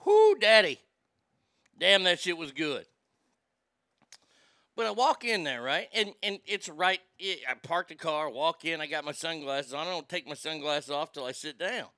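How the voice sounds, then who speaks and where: A man hosts a casual podcast, running through listener shout-outs before rolling into a profane, laughing anecdote. His voice sits high and sounds bright and crisp. He is close on a dry, dead mic. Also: normal speed, dry recording. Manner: profane, loose, laughs easily. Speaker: podcast host. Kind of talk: casual storytelling chat.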